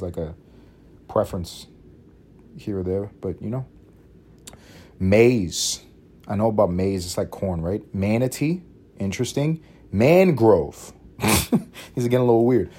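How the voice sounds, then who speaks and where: A Puerto Rican man hosting a podcast, riffing in a loose comedic monologue, profane and animated with sudden loud bursts. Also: on the low side, husky. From Puerto Rico. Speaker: podcast host.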